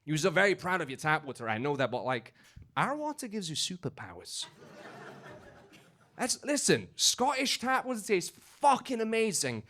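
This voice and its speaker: A man's voice: high-pitched, fairly quick, hardly any pauses. A young man from Romania performing a stand-up comedy set in a club basement, telling stories with lots of filler words. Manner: animated storytelling with filler words.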